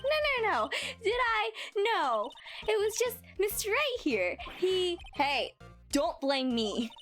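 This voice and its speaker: A woman voicing an eager, bubbly young woman in a game, pitched high and excited. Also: slow, faint music behind, exaggerated voice. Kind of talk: reading game dialogue aloud.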